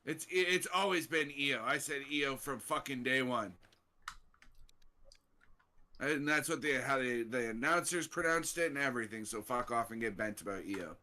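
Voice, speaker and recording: A man's voice: mid-range voice, normal speed, bright, forceful tone. A man reacting to a wrestling show on a live stream, talking in a rambling, blunt, heavily profane way.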